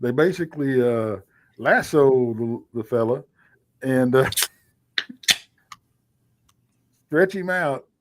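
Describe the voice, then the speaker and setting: Man, middle pitch, very slow deliberate talk, casual chat. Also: animated, a bit bright.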